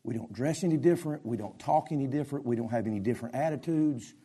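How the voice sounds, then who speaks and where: A man preaching a sermon as pastor, with impassioned delivery that swings between loud and soft. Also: mid-range voice, fast, husky.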